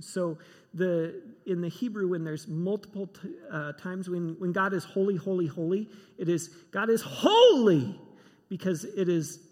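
A man preaching a sermon, emphatic and given to repeating himself. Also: high voice. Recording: long hall reverb.

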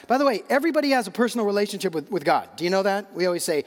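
Middle-aged male pastor, high voice, chatty animated sermon, long church-hall reverb. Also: racing, hardly any pauses. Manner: conversational, animated preaching with asides and repeated words.

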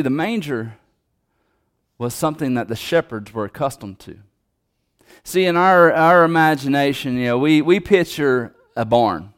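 A man preaching a sermon in a conversational way, speaking to the congregation with restarts and asides. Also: mid-range voice.

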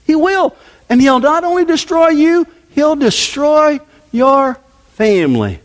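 Pastor, male, mid-sermon: emphatic preaching that leaps high and drops low, in a big echoing sanctuary. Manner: emphatic, preaching with sweeping pitch swings. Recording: long hall reverb.

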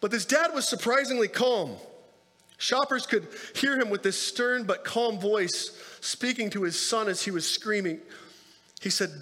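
High-voiced male pastor preaching in reverb. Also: moderate pace, pushed and bright. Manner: conversational preaching with asides and rhetorical questions. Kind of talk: sermon. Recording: long hall reverb.

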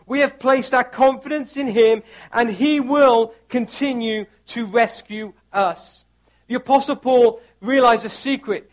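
A pastor preaching a sermon, reading scripture aloud with earnest, rising emphasis. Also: male voice, very high voice.

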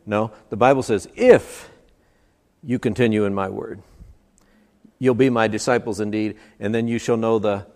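A man's voice: lowish voice, fairly even intonation, normal speed, a little mellow. A man preaching a sermon at a church service, emphatic and building points through stacked, repeated phrases. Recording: long hall reverb.

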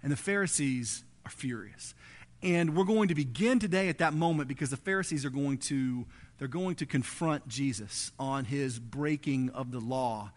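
A male pastor preaching a sermon in a church, telling the story in a conversational, emphatic way. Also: medium pitch. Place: church before a congregation.

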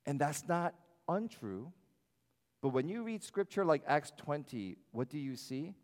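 A man preaching a sermon as pastor, animated and shifting his loudness, often acting out the voices of others. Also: fairly high pitch, measured pace, long reverb tail. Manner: animated, varies loudness, acts out quoted voices. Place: church sanctuary.

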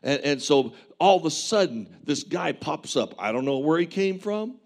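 A man's voice: on the high side, expressive, moderate pace, creaky. A man preaching a sermon as a pastor, telling a vivid testimony with earnest, impassioned preaching.

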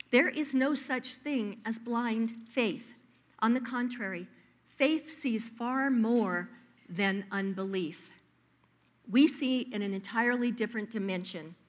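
Woman preaching a lively story-filled sermon. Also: on the high side.

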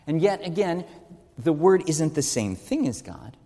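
A man's voice: a little high, big pitch swings, measured pace, mellow, long reverb tail. A man giving an earnest teaching sermon, stressing key words and asking rhetorical questions. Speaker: preacher.

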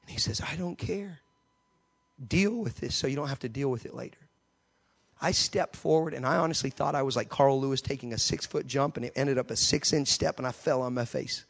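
A man preaching a sermon, telling an animated story and acting out the voices in it. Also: mid-range voice, brisk, gravelly.

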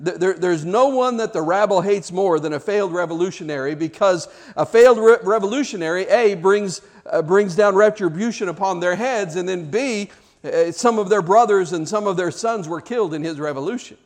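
A man preaching a sermon, telling the story dramatically, swinging from loud shouts to hushed, almost whispered lines. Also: high-pitched, brisk.

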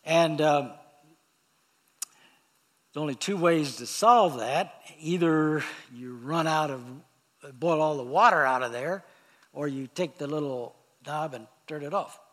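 A man preaching a sermon, reading scripture aloud and explaining it in a halting way with pauses and fillers. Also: a little high, fairly bright tone. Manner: reads scripture aloud, then explains it plainly.

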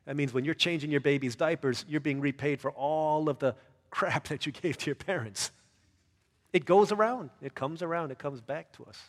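A man preaching a sermon as a pastor, earnest, rising to loud emphatic peaks and dropping soft and low. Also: normal speed, big-room sound.

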